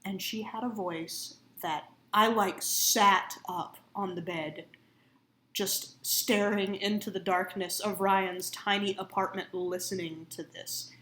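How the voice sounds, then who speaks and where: A woman's voice: medium pitch, fairly even intonation, takes it slowly, bright, forceful tone, roomy sound, a little hiss or hum. A woman co-hosting a live drawing stream, chatting casually, laughing often and telling stories. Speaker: comic artist co-host on a live drawing stream. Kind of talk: casual chat.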